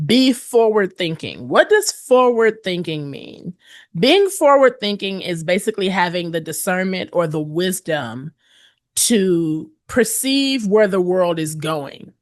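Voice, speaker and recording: A woman's voice: no echo, clean studio sound. A woman hosting a motivational podcast, speaking emphatically and checking in with the listener, sometimes acting out hesitant voices. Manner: emphatic, repeats "okay?" to the listener; acts out hesitant voices with big pitch jumps. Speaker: podcast host and coach.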